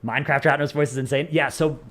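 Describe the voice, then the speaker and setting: A man's voice: medium pitch, steady tone, quick pace, a bit bright, faint music behind. A man from the United States, chatting casually on a live stream, rambling and joking at his own expense. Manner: rambling, self-mocking, joking. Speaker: streamer answering chat.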